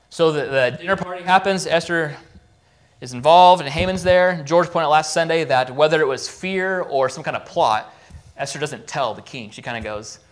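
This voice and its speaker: A man's voice: on the high side, normal speed. Man retelling a Bible story from the pulpit. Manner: casual storytelling, acting out quoted lines. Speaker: pastor. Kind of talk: sermon recap of a Bible story. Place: church.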